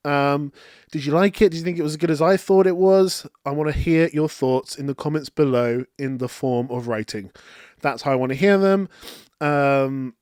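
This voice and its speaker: Animated man reviewing movies, slightly high voice. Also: unhurried, clear, resonant tone, no room sound, clean studio sound. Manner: animated, acts out characters' lines in a raised voice. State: coughing from hay fever. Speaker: film review host. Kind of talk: casual solo movie review.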